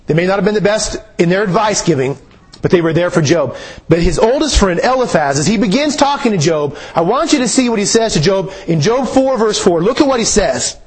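A man's voice: sits high, lively intonation, a little fast, husky. A man preaching a sermon in an earnest way, repeating phrases for emphasis.

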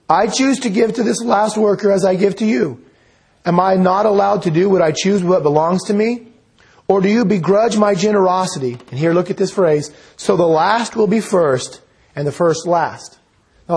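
A man preaching a sermon, reading scripture aloud and explaining it in an earnest, measured teaching manner. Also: high voice, darkish tone, breathy edge.

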